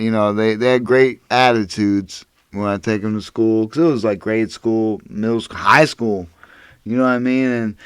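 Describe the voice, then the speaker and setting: Smooth-voiced man in profane banter. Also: lowish voice, no room sound. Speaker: podcast co-host. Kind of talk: casual chat.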